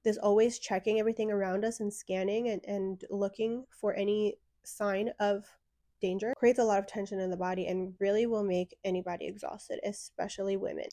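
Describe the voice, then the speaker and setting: A woman's voice: medium pitch, level tone, a little fast, dark tone, no echo, clean studio sound. A young woman answering viewer questions about self-worth in a blunt, frank advice talk with sassy asides. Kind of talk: direct-to-camera advice talk.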